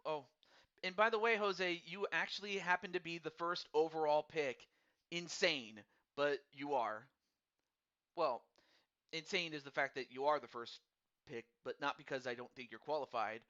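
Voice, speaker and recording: Bright-voiced man hosting a stream. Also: on the high side, moderate pace, muffled recording. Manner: rambling, repeats words, upbeat and friendly. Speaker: host of a fantasy hockey draft stream. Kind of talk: casual live-stream chat.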